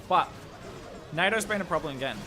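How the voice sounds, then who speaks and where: A young Australian man commentating a strategy game live on stream, with excitable play-by-play and chatty asides to his viewers. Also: on the high side, a little fast, over music.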